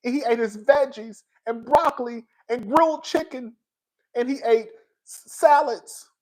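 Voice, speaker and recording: A man talking casually to his viewers as a pop culture commentator, in slangy, animated speech and often laughing as he riffs. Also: extremely high pitch, a little slow.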